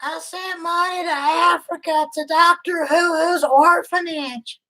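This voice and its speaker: A lovesick, gullible woman who coos and frets in a piercingly high voice that hardly moves up or down, put on by a man as a prank. She sounds tearful and devoted, smothering her listener in endearments. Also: fairly even intonation, measured pace, sharp tone, full character voice, poor audio. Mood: doting gullible. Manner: doting, tearful, naive sweet-talk. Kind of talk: prank call role-play.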